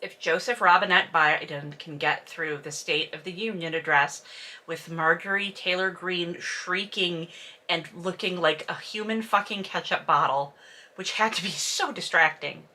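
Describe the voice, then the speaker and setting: A woman's voice: lowish voice, a little slow, bright, forceful tone. A woman hosting a casual commentary where she reads and roasts a novel, speaking with a lisp and a stutter in a sarcastic, profane, exasperated way. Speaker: host reading and roasting a novel.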